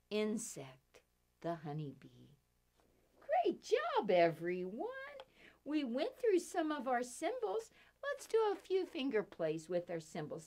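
A woman librarian leading a storytime for young children, reciting finger rhymes in a sing-song way. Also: on the high side.

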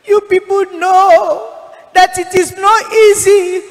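A woman's voice: very high-pitched, fairly even intonation, takes it slowly, long reverb tail, pitched above the performer's own voice, exaggerated voice. A woman voicing a sobbing dead pastor. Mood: anguished pleading. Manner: sobbing, pleading cries. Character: anguished dead male pastor pleading from hell.

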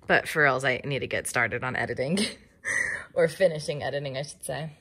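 A woman's voice: fairly quick, fairly bright tone, breathy edge, no room sound. A young woman vlogging casually, gushing to her viewers and her new puppy, sometimes in a cooing puppy voice. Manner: switches to a high puppy voice. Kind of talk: casual vlog chat.

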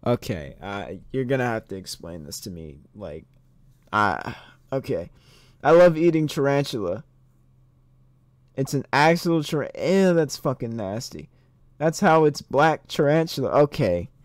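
A young man streaming a rhythm game, commenting excitedly, swearing often and laughing a lot, reading the game's dialogue aloud. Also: medium pitch, measured pace, dry recording, clean studio sound. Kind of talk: gameplay commentary.

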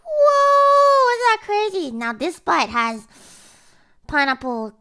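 A young woman streamer commenting on a food challenge to her viewers, dramatic and profane, swinging between low groans and shrieks. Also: very animated, unhurried, vocal fry, fairly bright tone. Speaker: VTuber streamer.

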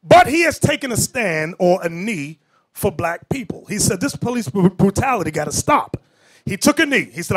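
High, lively preaching man. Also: moderate pace. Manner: preachy, shouts for emphasis, quotes others. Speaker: bishop preaching. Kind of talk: animated sermon with storytelling.

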